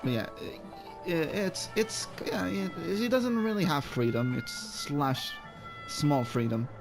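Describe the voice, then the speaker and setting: A man's voice: a little high, slow pace, over music. A man casually commenting while playing through a game story, rambling and restarting his sentences. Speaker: gaming YouTuber. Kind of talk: casual let's-play commentary.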